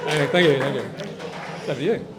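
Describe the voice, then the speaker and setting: A man hosting a comedy show and telling jokes in an upbeat, lively way. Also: on the high side, brisk, very noisy. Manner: upbeat, lively joke delivery. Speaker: show host.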